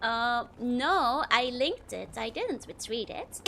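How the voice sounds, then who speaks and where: A young woman streamer with a Dutch accent, talking casually over a game and answering her viewers. She giggles often, and her voice sits a bit high. Faint noise hums underneath. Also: expressive, slow, gravelly, hardly any pauses, sharp tone. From Netherlands. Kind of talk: casual chat while playing a game.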